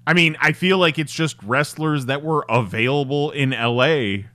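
A man's voice: a little high, normal speed, pushed and bright. A man co-hosting a podcast in casual chat, rambling a little as he searches for details. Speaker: podcast co-host.

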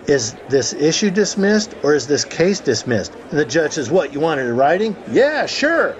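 A man's voice: a little high, slight background noise. Man telling a story on a lo-fi call. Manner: conversational, acts out quotes in the story. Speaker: host of a call about the law.

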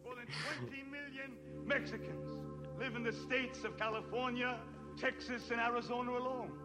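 A man's voice: very high-pitched, fairly even intonation, normal speed, long reverb tail, loud music behind the voice. An actor playing a menacing male politician villain, speaking in a rousing speechmaking manner in film dialogue.

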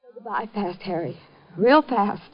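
A woman playing a sick, desperate young chorus girl and mother in a 1950s radio drama, hushed and pleading, on a muffled old broadcast. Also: mid-range voice, expressive, moderate pace, husky, no echo. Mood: pleading, strained.

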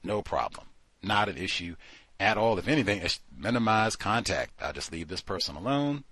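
A man hosting a talk show in a loose, conversational way, sometimes acting out other people's voices. His voice is husky with a bright edge, and his pitch swings widely. The sound is dry and close. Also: moderate pace, dry recording. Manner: animated, acts out quoted voices. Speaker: podcast host. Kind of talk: casual commentary.

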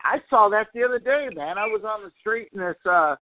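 A man telling a crude anecdote in casual talk, animated and profane. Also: high voice, a little fast, background noise. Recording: tinny phone-like line.

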